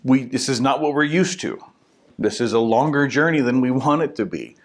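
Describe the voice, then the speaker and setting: A man's voice: mid-range voice, moderate pace. A young man, a minister, giving a short casual devotional talk in a conversational way. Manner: conversational, animated, acts out quotes.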